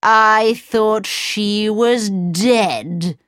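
A woman voicing a vain, wicked queen in a storybook reading, with slow, drawn-out lines. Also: medium pitch, a bit bright, smooth, no echo, clean studio sound. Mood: shocked.

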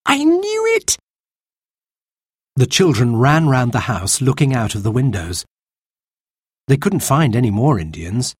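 A man reading a children's storybook aloud in a slow, lively narration. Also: medium pitch, slightly rough, dry recording, clean studio sound.

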